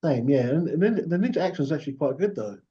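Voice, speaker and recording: A man's voice: on the high side, lively intonation, rapid-fire, dull audio, over a noisy crowd. A man co-hosting a podcast, chatting casually and agreeing a lot. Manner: agreeable, lots of yeahs. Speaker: podcast co-host. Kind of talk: casual chat.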